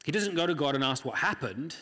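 A man preaching in a slightly high voice, earnest and conversational, slipping into the voices of the people he quotes. His voice carries a long reverb, as if he were speaking in a large hall. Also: lively intonation, fast talker, bright, forceful tone. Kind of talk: sermon.

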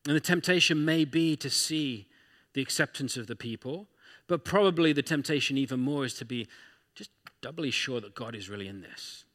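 A man's voice: mid-range voice, normal speed, a bit bright, in a large hall. A man preaching a sermon as pastor, talking through scripture in a conversational way with rhetorical questions.

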